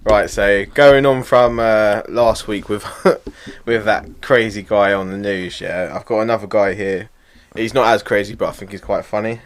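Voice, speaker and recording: A man's voice: fairly low pitch, steady tone, normal speed. A man co-hosting a casual podcast, bantering, swearing and laughing with his friends. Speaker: podcast co-host.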